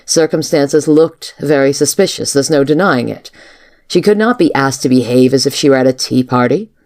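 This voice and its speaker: A woman reading the lines of a flustered, lovestruck male army major in a storybook, in a low plain voice. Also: moderate pace, darkish tone. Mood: earnest.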